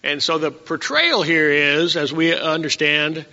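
A man preaching with a bright, gravelly voice, a touch higher than most. He moves between slow scripture reading and folksy storytelling, and the dull lo-fi recording carries a long church reverb. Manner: reads verses slowly, then tells folksy stories. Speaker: pastor.

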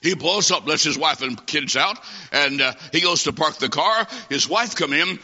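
A man preaching a humorous sermon, telling a comic story and acting out the dialogue with lively timing. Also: on the high side, moderate pace. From half Italian. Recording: dull recording in a long-echoing hall.

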